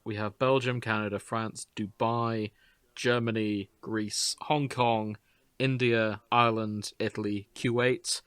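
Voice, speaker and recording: A man's voice: lowish voice, little pitch movement, slow pace, fairly bright tone, smooth, dry recording. A man co-hosting a podcast, chatting casually with dry jokes and reading facts aloud. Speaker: podcast co-host. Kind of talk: casual chat.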